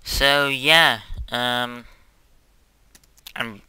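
A man's voice: mid-range voice, steady tone, extremely slow, bright, forceful tone, smooth, dry recording, low-quality recording. A young man rambling through a Let's Play at home, hyperactive and self-mocking, with sudden squeals and whispered asides. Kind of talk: casual gameplay commentary. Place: quiet house at home.

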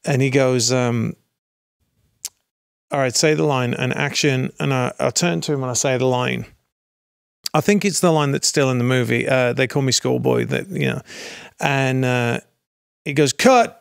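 Animated British storyteller, middle-aged, gravelly tone, dry studio mic. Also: male voice, mid-range voice, normal speed, pauses often, no room sound. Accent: British English. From Britain. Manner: animated storyteller, laughs often. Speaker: actor guest. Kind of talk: casual anecdote telling.

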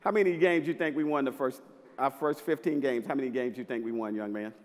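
A man from Mississippi, a basketball coach giving a punchy, playful talk on stage with bursts of loud emphasis. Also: mid-range voice, quick pace, big-room sound. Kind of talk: live inspirational stage talk. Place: large festival venue with audience.

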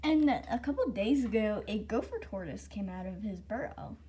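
A woman gives a casual, excitable home-tour vlog, chatting to her dogs and giggling often. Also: medium pitch, moderate pace, breathy edge. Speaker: vlogger giving a home tour. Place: rural home, filming out the windows.

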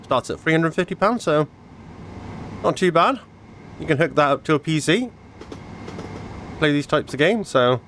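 Guy, excitable train-game commentary, bouncy pitch, tired with a cough. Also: normal speed, pauses often, a little hiss or hum. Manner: excitable, chatty, giddy. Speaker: gaming video creator. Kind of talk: casual gameplay commentary. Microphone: wearing a VR headset.

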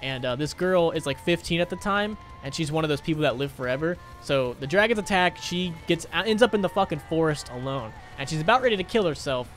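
A man's voice: fairly high pitch, animated, fast, few pauses, a bit bright, soft background music. Profane, rambling young male streamer. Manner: profane, rambling, emotional, reads out chat donations. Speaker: gaming livestreamer. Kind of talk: casual live-stream chat.

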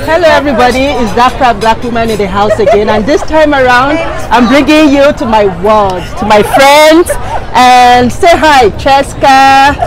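A woman's voice: sits high, normal speed, over music. A woman with a strong Nigerian accent hosting a playful, laughing vlog with friends on a restaurant patio. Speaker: vlogger host. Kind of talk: casual vlog chat. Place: busy outdoor restaurant patio. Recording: noisy crowd around.

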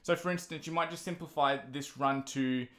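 A man's voice: fairly high pitch, steady tone, normal speed, fairly bright tone. A man teaching a violin lesson, patiently explaining each step between passages he plays. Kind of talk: instrumental lesson. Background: violin playing.

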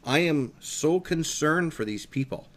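A man's voice: a little high, expressive, unhurried, fairly bright tone. A man from the US South hosting a religious discussion, earnest and growing more intense as he stresses his points.

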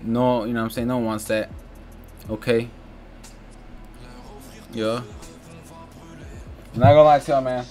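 A man's voice: mid-range voice, steady tone, unhurried, pauses often, darkish tone. A young American man hosting a reaction video, commenting casually and with lots of exclamations and slang. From United States. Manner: slangy, exclamatory, keeps saying "you know what I'm saying" and "bro". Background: faint music from the video he is watching.

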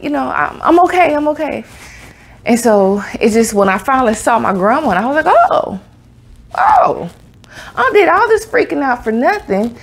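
Gravelly woman telling a lively story. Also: mid-range voice. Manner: animated, laughs a lot, Southern US slang. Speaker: vlogger. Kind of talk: casual storytelling to camera.

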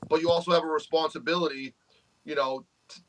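A man's voice: fairly high pitch, steady tone, quick pace, fairly bright tone, low-quality recording. A man with a New England accent, co-hosting a podcast in casual chat, blunt and swearing freely, joking between points. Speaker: podcast co-host. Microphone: studio microphone.

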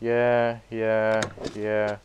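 A man giving sweary, excitable let's play commentary, breaking into loud yelps between muttered remarks. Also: on the low side, very slow, background noise. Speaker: gaming YouTuber.

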